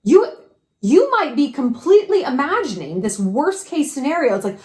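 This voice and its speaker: Frank, animated woman in an echoey room. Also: high-pitched, moderate pace. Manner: frank and animated, swears freely, fires rhetorical questions. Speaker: advice vlogger. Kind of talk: casual advice monologue.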